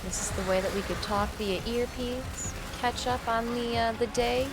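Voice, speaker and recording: A bubbly woman streamer with a fairly high voice talks to her viewers in casual, chatty bursts. Music plays steadily behind her. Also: fairly even intonation, normal speed. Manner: bubbly, apologetic, chatty with laughs. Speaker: game streamer. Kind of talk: casual live-stream chat.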